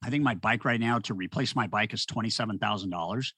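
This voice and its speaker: A middle-aged man, an author and speaker, telling stories in an animated, conversational way and acting out the people he quotes. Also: fairly low pitch, quick pace, husky, no echo. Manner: animated storyteller, acts out quoted voices. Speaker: podcast guest. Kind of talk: storytelling conversation.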